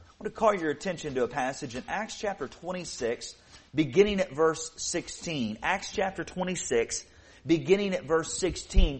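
A man preaching a sermon, reading scripture aloud and slowing down to stress key phrases. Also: sits high. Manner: earnest preaching, slows and swells to stress scripture.

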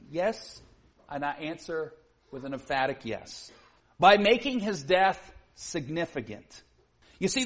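A man preaching a sermon to his congregation, earnest, often saying "you see", sometimes building to emphatic peaks. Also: on the high side.

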